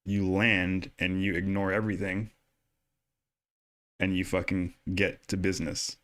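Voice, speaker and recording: A man's voice: low-pitched, flat delivery, unhurried, a bit bright. A man co-hosting a podcast, talking in a fired-up, exhorting way and swearing freely. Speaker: podcast co-host. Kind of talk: casual podcast discussion.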